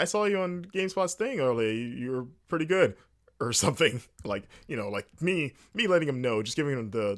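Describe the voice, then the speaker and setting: A man hosting a casual games talk show, telling an anecdote with many fillers and restarts and acting out bits of dialogue. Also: mid-range voice. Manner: animated storytelling with many fillers and restarts, acting out quoted exchanges. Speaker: host. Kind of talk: casual rambling monologue.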